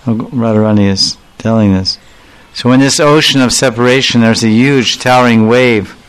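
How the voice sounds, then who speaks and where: A man gives a devotional talk in a smooth, resonant voice at an ordinary middle pitch. He explains old verses with animated storytelling, often slipping into the voices of the people he describes. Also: low-quality recording. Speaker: religious speaker.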